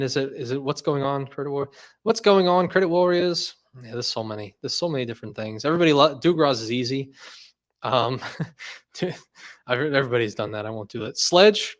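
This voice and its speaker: A man's voice: mid-range voice, a bit bright. A young man hosting a casual livestream, who rambles, laughs often and leans on "like" fillers. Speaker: host.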